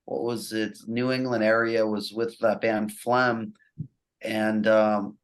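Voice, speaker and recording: A middle-aged man from the New Jersey and New York area speaks in a low, relaxed voice. He chats casually as a podcast guest, laid-back and sarcastic. He laughs easily between his stories. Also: takes it slowly. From New Jersey and New York area, USA. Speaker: guest musician.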